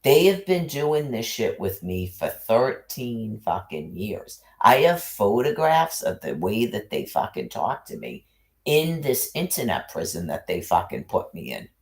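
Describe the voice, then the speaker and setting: A man's voice: lowish voice, very animated, a little slow. A man ranting into his livestream in an agitated monologue, cursing heavily and repeating himself as he piles up accusations.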